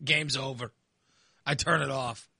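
A man's voice: mid-range voice, steady tone, a little slow, creaky, pushed and bright, husky, no room sound, studio quality. A man ranting casually, exasperated and sarcastic, sounding fired up. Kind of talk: casual opinion rant.

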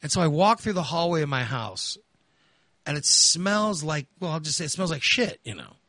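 Male talk host, sharp bright tone, crude and exasperated, dead-dry studio sound. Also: a little high, moderate pace, no echo. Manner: animated, crude, swearing, exasperated. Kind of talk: casual storytelling chat.

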